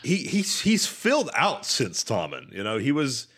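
Male co-host, mid-pitched, loose delivery, swears freely. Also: measured pace, slightly rough. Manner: swears casually, fillers, animated. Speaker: podcast co-host. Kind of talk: casual chat.

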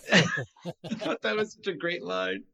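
A man chatting casually on a podcast, retelling a TV episode and acting out the characters' lines with big jumps in pitch. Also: slow, creaky. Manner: animated storyteller, acts out quotes with pitch jumps.

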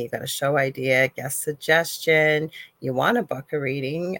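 A woman's voice: deep voice, creaky, fairly bright tone, no room sound, low-quality recording. A Canadian woman hosting a talk show and giving casual psychic readings, chatty and encouraging, with self-deprecating asides. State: briefly coughing. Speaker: psychic radio host.

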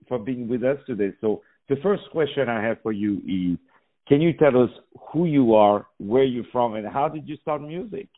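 A man's voice: medium pitch, animated, normal speed, phone-quality sound. A man hosting a radio show, greeting and interviewing a guest in an effusive, theatrical way. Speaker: radio host.

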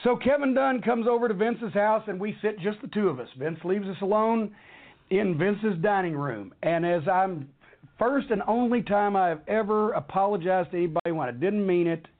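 A man's voice: sits high, normal speed. A middle-aged man telling a heated, profanity-laden backstage story in a rambling, fired-up way. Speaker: wrestling storyteller. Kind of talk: profane anecdote on a talk show. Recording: tinny phone-line audio.

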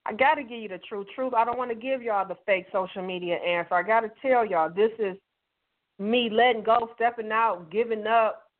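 Over a tinny phone line, a female guest author gives heartfelt, emphatic personal testimony, quoting dialogue as she goes. She speaks at normal speed in a voice on the high side, with fairly even intonation.

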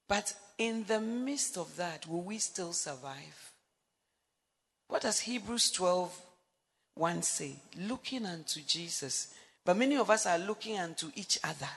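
A woman's voice: a little high, big-room sound. A woman, preaching a sermon that mixes personal stories with emphatic declarations. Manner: animated storytelling, rising to emphatic declarations.

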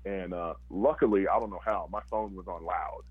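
A man's voice: low-pitched, moderate pace, breathy edge, no echo, narrow, tinny audio. A man, a former football player, telling his story casually and animatedly, acting out quotes with lots of fillers.

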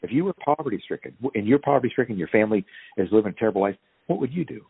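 A husky, low-voiced man talks with fiery, ranting intensity as a podcast guest, his pitch swinging widely as he pushes each point. The sound is thin and tinny like a phone line, with a dry, close feel. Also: expressive, rapid-fire, no echo. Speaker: guest activist. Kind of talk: impassioned podcast interview.

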